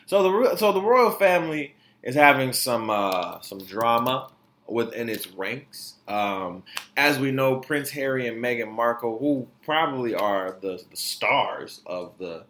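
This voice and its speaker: A man hosting a podcast, riffing on celebrity gossip in a loose, slangy way and laughing as he talks. His voice sits at an ordinary middle pitch. The recording carries a noticeable room echo. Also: a little slow. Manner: animated, joking, laughs often, slang-heavy. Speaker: podcast host. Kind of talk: casual opinion commentary on celebrity news. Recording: echoey room.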